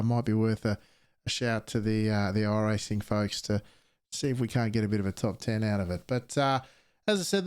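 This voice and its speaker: A man's voice: medium pitch, a little mellow, clear, resonant tone, dry recording, studio quality. Upbeat sim racing commentator man. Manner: upbeat, keeps saying "beautiful" and "mate". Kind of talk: post-race interview and commentary.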